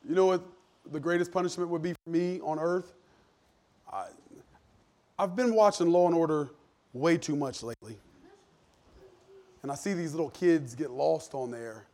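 A man in his thirties preaching a sermon in a church, shifting from loud emphasis to hushed personal storytelling. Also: a little high, normal speed, long pauses. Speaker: pastor. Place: church sanctuary.

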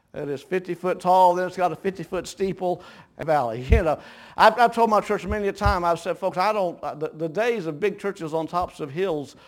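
A middle-aged man preaching a sermon in a folksy storytelling way, dropping to a hush and then rising to a shout. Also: a little high.

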